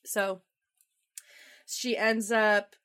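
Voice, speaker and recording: Animated woman recapping a movie. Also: mid-range voice, very slow, clear, resonant tone. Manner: animated retelling, acts out quotes, laughs often. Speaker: podcast co-host. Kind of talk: casual movie recap chat.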